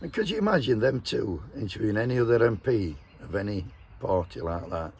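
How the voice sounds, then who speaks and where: A man giving blunt, scornful casual commentary as a vlogger, with a gravelly, husky voice. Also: lowish voice, lively intonation, brisk, a little mellow, slight background noise.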